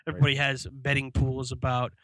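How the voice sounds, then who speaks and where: A man's voice: medium pitch, completely flat delivery, fast talker, bright, forceful tone, slight background noise. A man co-hosting a sports podcast, chatting casually and easygoing as he runs through awards with his friend. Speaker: podcast co-host.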